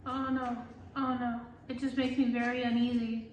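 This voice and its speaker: Animated high-voiced woman, echoey room. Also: normal speed, recorded from a distance, a little hiss or hum. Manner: animated, swearing, lots of filler words. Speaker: tarot reader. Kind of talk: casual storytime vlog chat.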